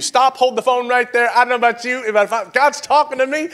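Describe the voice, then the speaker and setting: A man preaching a sermon to his congregation, swinging from loud, animated calls to quiet, hushed pleading. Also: very high voice, quick pace, few pauses. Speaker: pastor.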